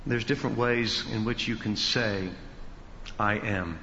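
A male pastor teaching an expository sermon, emphatic and building to loud peaks. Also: lowish voice, fairly even intonation, measured pace, a little hiss or hum. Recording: dull reverberant hall sound.

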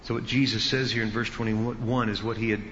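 A man's voice: fairly low pitch, level tone, a little fast, a little hiss or hum. Man preaching in an echoey hall. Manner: emphatic, rising to loud peaks. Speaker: pastor. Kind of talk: expository sermon. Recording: dull reverberant hall sound.

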